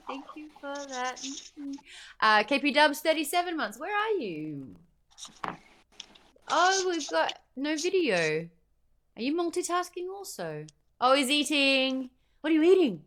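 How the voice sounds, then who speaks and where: A woman's voice: sits high, big pitch swings, a little slow, sharp tone, slight background noise. A tired Australian woman hosting a book club live stream, chatting playfully and thanking viewers by name. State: tired, sleepy. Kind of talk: casual live stream chat.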